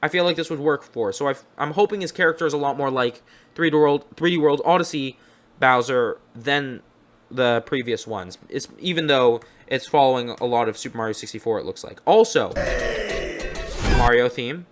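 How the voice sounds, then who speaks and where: A man's voice: medium pitch, moderate pace, faint music behind. A young man giving casual, upbeat reaction commentary as a video host, rambling and correcting himself as he goes.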